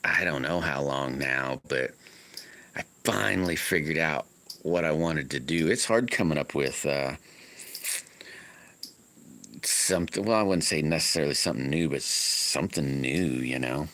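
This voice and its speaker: A man's voice: rumbling low, normal speed, fairly bright tone. A man hosting a casual live stream, chatting with viewers about his workshop in a rambling, self-correcting way. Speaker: livestream host and slingshot maker. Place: home on a wooded property.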